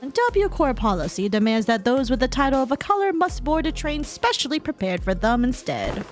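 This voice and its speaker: A woman voicing a stern, composed man of high rank who speaks matter-of-factly. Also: sing-song, moderate pace, soft background music. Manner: clipped, matter-of-fact.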